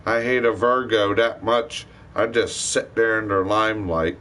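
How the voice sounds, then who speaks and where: A man's voice: on the low side, steady tone, measured pace, a bit bright. A man ranting bitterly to his live stream, full of cursing and rambling complaints.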